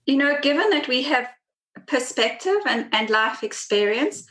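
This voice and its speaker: A woman podcast guest speaking in a reflective, measured conversational way. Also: sits high, lively intonation, fairly bright tone, echoey room.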